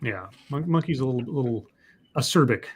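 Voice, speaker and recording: A man's voice: mid-range voice, animated, brisk, a little hiss or hum. A man hosting a casual live podcast, reading out chat questions and rambling with frequent restarts.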